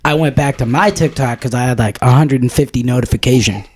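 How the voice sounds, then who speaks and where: A man's voice: mid-range voice, fast, breathy edge. A man co-hosting a podcast in casual chat, talking in a profane, rambling, jokey way. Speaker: podcast co-host.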